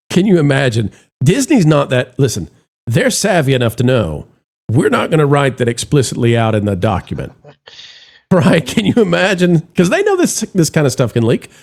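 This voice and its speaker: A man's voice: mid-range voice, big pitch swings, moderate pace, a little mellow. A man hosting a commentary chat show, talking theatrically to his co-host and the audience in a mock-solemn, playful way.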